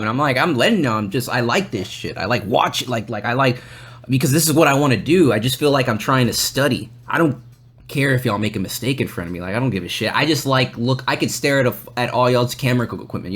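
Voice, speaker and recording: A man's voice: mid-range voice, fast talker, a bit bright. A man hosting a podcast, telling a long story in a loose, rambling way with a lot of swearing. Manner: acts out other people's lines in quoted voices. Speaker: podcast host. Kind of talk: casual storytelling chat.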